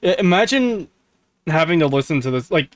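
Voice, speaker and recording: Fairly high-voiced man chatting on stream. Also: big pitch swings, fairly quick, no room sound. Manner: swears, laughs loudly, exasperated outbursts. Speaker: streamer co-host. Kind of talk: casual stream chat reacting to a video.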